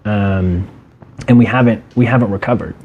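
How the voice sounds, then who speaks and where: A man's voice: lowish voice, normal speed, a little mellow, muffled recording, slight background noise. A man co-hosting a podcast, talking bluntly and with opinion, swearing for emphasis. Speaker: podcast co-host. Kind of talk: casual podcast conversation.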